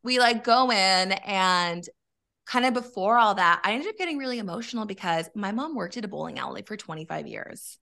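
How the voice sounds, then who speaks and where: Gravelly, bright-voiced woman telling a story. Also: mid-range voice, a little fast. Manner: candid, animated, swears freely. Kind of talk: casual storytelling chat.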